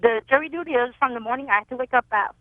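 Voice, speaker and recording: A woman's voice: high-pitched, very fast, no echo. A young woman in her twenties calling in to a radio show, talking in a rambling, hesitant way. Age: 20s. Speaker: caller. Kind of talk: call-in radio chat. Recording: tinny phone line.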